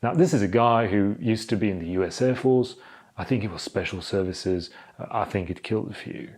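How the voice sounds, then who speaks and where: A man's voice: lowish voice, a little fast, darkish tone, pitched below the performer's own voice, close to an everyday voice. A man doing a rambling posh film star. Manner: rambling, self-deprecating anecdote. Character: impression of a famous English film actor.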